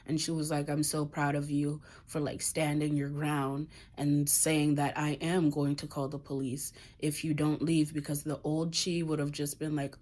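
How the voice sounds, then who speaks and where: A woman's voice: low voice, steady tone, measured pace, darkish tone. A woman speaking candidly in a confessional personal vlog, emotional and swearing casually. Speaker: vlogger.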